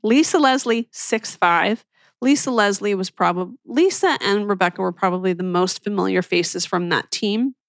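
A woman's voice: medium pitch, normal speed, dry recording, clean studio sound. A woman podcast host from Philadelphia chatting in a gushing, enthusiastic way as she recommends shows to her listeners. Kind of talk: casual chat recommending shows.

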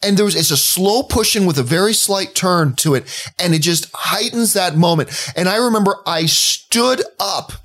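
A man with a slightly raised pitch co-hosts a casual movie podcast. He tells his stories with open emotion and enthusiasm, building up to the moments he loves. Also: moderate pace, few pauses, fairly bright tone. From Canada. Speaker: podcast co-host.

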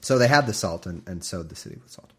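A man's voice: sits low, animated, fast talker, breathy edge. Wry man reading scripture aloud. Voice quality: wry, irreverent asides. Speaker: podcast host. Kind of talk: comedic scripture reading with commentary.

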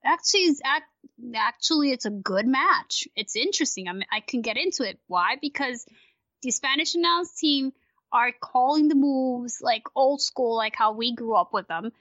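A woman guest on a casual podcast, ranting in a rambling, profane, animated way. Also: high-pitched, normal speed, no room sound, lo-fi sound.

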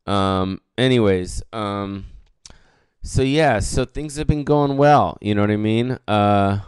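A man of about fifty rants alone on his comedy podcast. He curses freely and wanders off topic, then corrects himself. His voice is smooth and sounds close and dry, with no room around it. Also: lowish voice, slow pace, darkish tone, no echo. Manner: rambling, profane, self-correcting. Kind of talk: casual solo podcast rant.

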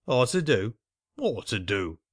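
A man's voice: mid-range voice, very animated, slow, slightly rough, no echo, studio quality, exaggerated voice. A man reading the part of a curt, dismissive male solicitor in an audiobook, speaking tersely and with scorn.

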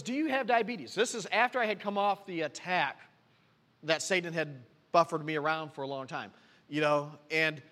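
A man preaches a sermon as a pastor, telling his own story and acting out the conversations in it. His voice sits high and rings bright and forceful. A long reverb from the church hall trails after every phrase. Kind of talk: sermon with personal testimony.

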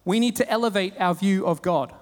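A man with an Australian accent preaching a sermon, telling stories with humor and animated retellings. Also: high voice, a little fast, long reverb tail. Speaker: pastor.

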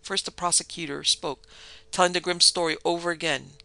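A man narrating a story with a steady, dramatic reading. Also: on the high side, fairly quick, creaky, no echo.

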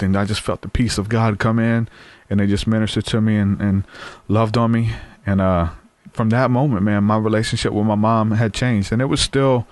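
A man tells his story in an earnest, easygoing way, often restarting his sentences. His voice sits low. The sound is close and dry, with no room echo. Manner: earnest, conversational, frequent fillers and restarts. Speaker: guest sharing testimony. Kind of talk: casual storytelling.

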